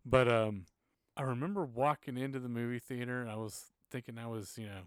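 A man's voice: mid-range voice, brisk, smooth, no echo, clean studio sound. A man from Texas, without a Texas accent, telling an earnest, self-deprecating story in a casual faith conversation.

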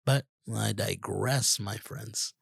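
A man's voice: lowish voice, takes it slowly, gravelly, slightly rough, no room sound, studio quality. A man co-hosting a casual movie review podcast, rambling with many restarts and laughing often. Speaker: podcast co-host.

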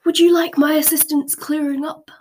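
A woman voicing a calm, very old male wizard who speaks quietly and politely, in a whispered storybook reading. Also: a little high, moderate pace, slight background noise, lightly acted. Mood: amused. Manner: quiet and composed.

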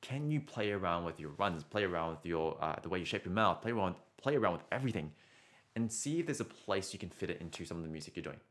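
A man's voice: sits low, lively intonation, fast talker, a bit bright. A man giving a casual singing lesson as a vocal coach, chatty and encouraging, often ending points with "right?" and restarting words.

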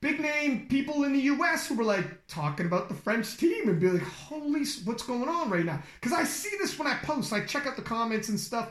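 A man hosting a podcast interview, talking fast and excitably with lots of swearing and animated storytelling. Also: extremely high pitch. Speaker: podcast host. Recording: echoey room.

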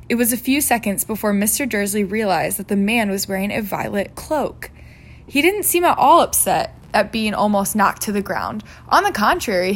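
A woman reads a novel aloud in a middle-pitched voice. She takes her time and now and then slips in an aside of her own. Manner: unhurried, adds own asides. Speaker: reader.

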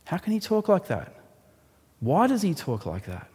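A man preaching a sermon, explaining a Bible passage in an animated way and rising sharply for emphasis. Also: high voice, normal speed, slightly rough. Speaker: pastor. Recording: long hall reverb.

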